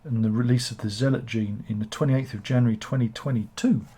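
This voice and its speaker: A man's voice: mid-range voice, fairly even intonation, brisk, warm tone, a little hiss or hum. A man, hosting a casual book review channel, rambling with sardonic, self-mocking humor. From England.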